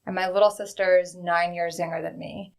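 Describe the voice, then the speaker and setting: Her lowish voice is clear and resonant, though her delivery is flat and a little fast. She's a bank executive in her thirties, candidly relating experiences from her career during an interview in a frank, storytelling manner.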